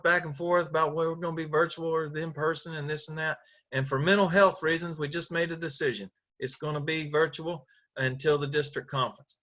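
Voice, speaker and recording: Middle-aged man, district leader on a video call, bright and forceful, earnest, lots of fillers. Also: fairly high pitch. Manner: earnest storytelling with frequent fillers and restarts. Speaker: Rotary district governor.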